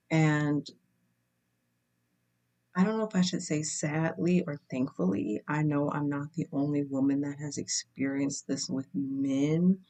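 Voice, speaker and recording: A young woman with a low voice speaks slowly and deliberately as she talks to camera. Her telling is candid and wry, and she lingers on words for emphasis. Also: a little mellow. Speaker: vlogger. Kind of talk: casual storytelling to camera.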